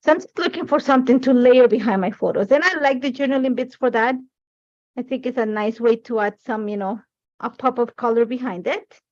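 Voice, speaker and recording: A woman's voice: fairly high pitch, brisk, a little mellow, muffled recording. A woman in her forties hosting a live scrapbooking demonstration, chatty and rambling, filling her talk with "like, you know.". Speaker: craft livestream host.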